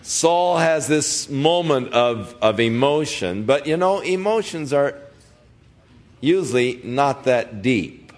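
A man's voice: medium pitch, lively intonation, slow pace. A middle-aged man preaching a sermon in a conversational way, reading scripture and acting out the voices of the people he quotes. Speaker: pastor.

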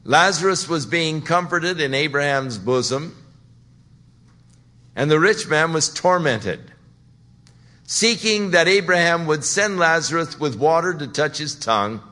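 A man's voice: on the high side, a little slow, bright, forceful tone. A man preaching a sermon on a Bible passage, talking it through conversationally and building to emphatic points. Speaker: pastor.

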